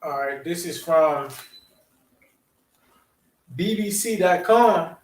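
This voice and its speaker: A man reads passages aloud with slow, careful pacing and a high voice. He is far from the mic in an echoey room. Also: animated. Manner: reads slowly and deliberately. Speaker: scripture reader in a lesson.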